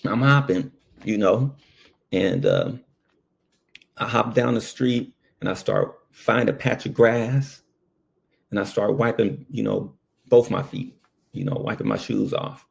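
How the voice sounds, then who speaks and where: Man spinning a yarn, deep gravelly voice, lively pitch, loose and chatty. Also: a little slow, pauses often. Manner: animated, lots of fillers. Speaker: former ambulance worker. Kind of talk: casual personal storytelling.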